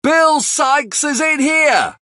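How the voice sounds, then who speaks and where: A man voicing a defiant young male thief who shouts angrily, in a storybook reading. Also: medium pitch, huge pitch swings, extremely slow, slightly rough, no echo, clean studio sound, pitched above the performer's own voice, heavily acted. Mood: angry.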